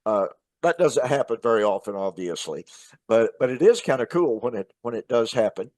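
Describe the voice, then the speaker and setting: A man shares a casual story as a minister hosting his show, relaxed and chatty, often pausing on "uh." His voice sits at an ordinary middle pitch. The sound is dry and close, with no room echo. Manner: chatty and relaxed, with frequent "uh" fillers and restarts.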